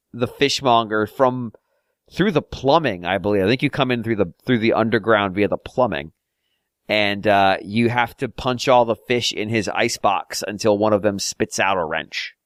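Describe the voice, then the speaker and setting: A man's voice: on the low side, fairly bright tone, smooth, no room sound, clean studio sound. A man co-hosting a podcast, chatting casually about a game in a rambling way, with lots of fillers and restarts. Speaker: podcast co-host. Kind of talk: casual chat.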